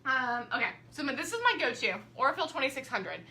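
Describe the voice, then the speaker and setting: A woman's voice: sits high, big pitch swings, quick pace, bright, forceful tone. A young woman, chatting through a live quilting demo and talking straight to her viewers. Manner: chatty, friendly, addresses viewers directly. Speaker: quilting teacher. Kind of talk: live-streamed quilting demonstration. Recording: echoey room.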